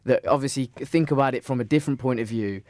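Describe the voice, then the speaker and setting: Young male podcast co-host, middle pitch, dry close sound, rambling casual storyteller full of "um"s and restarts. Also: quick pace, darkish tone, no echo. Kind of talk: casual chat.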